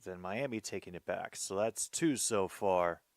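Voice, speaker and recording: A man's voice: sits low, a little slow, dry recording, studio quality. A man hosting his own show, reacting casually to a football game as he watches, muttering to himself.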